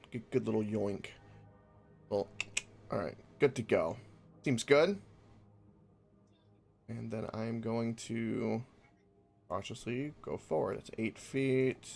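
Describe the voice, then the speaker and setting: A man's voice: fairly low pitch, slow, vocal fry, long pauses, darkish tone, soft background music. A man playing a tabletop game, animatedly narrating his character's actions and laughing with the group. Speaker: player.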